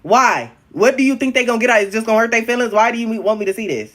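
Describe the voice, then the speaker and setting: A young man chatting casually on a livestream, frank and profane, calling viewers honey and babe, his voice jumping up and down in pitch and loudness. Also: quick pace. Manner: talks directly to viewers, calling them honey, babe and queen. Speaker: livestreaming social media creator.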